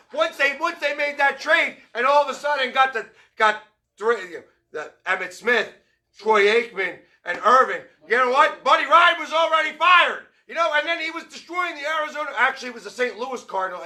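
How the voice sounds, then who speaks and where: Male sports fan host, very high and sharp-toned, loud rambling rant. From Philadelphia area. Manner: fired-up, shouting, rambling. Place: tavern.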